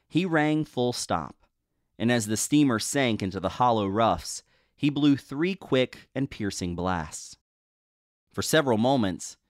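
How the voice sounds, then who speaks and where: A male host giving a dramatic reading of an old ghost story in a measured, expressive storytelling manner. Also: lowish voice, no echo, studio quality.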